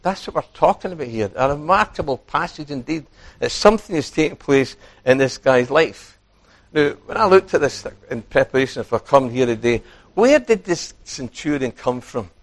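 Animated man preaching a sermon. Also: medium pitch, moderate pace. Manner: animated, acts out quoted speech, asks the congregation questions.

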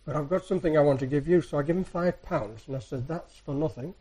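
A soft-spoken man preaching to his congregation in an easy, rambling storytelling way. His voice is husky and mellow, and a little higher than most men's. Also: fast talker, poor audio. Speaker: church speaker. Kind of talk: anecdotal sermon.

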